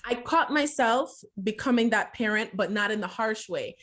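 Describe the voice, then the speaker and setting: Woman podcast co-host, mom telling stories, acts out quotes, quick to laugh. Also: fairly high pitch, a bit bright. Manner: reflective storyteller who acts out quotes and laughs easily. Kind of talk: casual chat.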